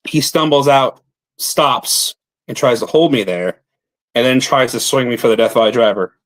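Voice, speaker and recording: A man's voice: mid-range voice, normal speed, dry recording. A man, a pro wrestler guest, telling a blunt, profane story in casual talk.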